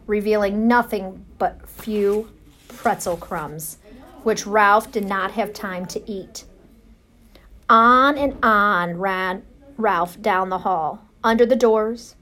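A woman reading a children's storybook aloud, gentle and unhurried. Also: medium pitch. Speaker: narrator.

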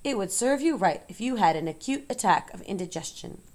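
A woman reading a storybook aloud, voicing a wise female spider who speaks calmly and firmly. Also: mid-range voice, brisk, natural voice. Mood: scolding. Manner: firm, scolding, composed.

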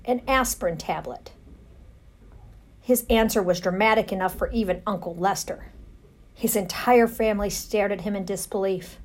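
A woman reading a children's storybook aloud, gentle and unhurried. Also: medium pitch, fairly even intonation. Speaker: narrator.

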